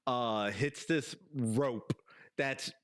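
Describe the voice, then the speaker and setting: A man's voice: medium pitch, drawn-out words, a bit bright. A man running a tabletop game as game master, telling the scene in a rambling, profane way and laughing often. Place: home streaming setup.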